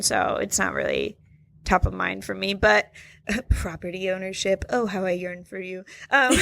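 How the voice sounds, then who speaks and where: A young adult woman co-hosting a podcast in casual chat, animated and sarcastic, jumping into high mocking voices. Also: vocal fry, no echo. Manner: animated, sarcastic, mimics voices with sudden high pitch jumps. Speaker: podcast co-host.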